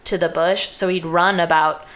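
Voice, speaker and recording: A woman's voice: lowish voice, fairly even intonation, normal speed, a bit bright. A woman casually retelling a film's plot, peppering her speech with "like" and briefly acting out the characters' lines. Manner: chatty, uses lots of "like", acts out quoted lines.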